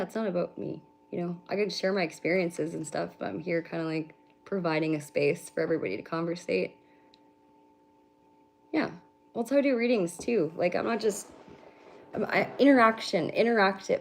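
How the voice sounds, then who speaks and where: A woman's voice: lowish voice, darkish tone. Chatty, swearing woman livestream host. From Canada. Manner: rambling, swears freely, laughs often, reads chat aloud. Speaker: livestream host and spiritual reader. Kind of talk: casual livestream chat with viewers.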